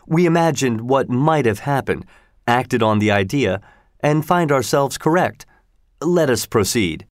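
A man voicing a calm, self-assured detective who speaks in a measured way, in a dry-sounding recording. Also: medium pitch, no room sound, natural voice.

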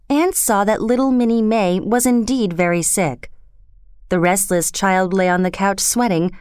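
A woman narrating a children's storybook in a steady, gentle, expressive reading. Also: medium pitch, clear, resonant tone, no echo, clean studio sound.

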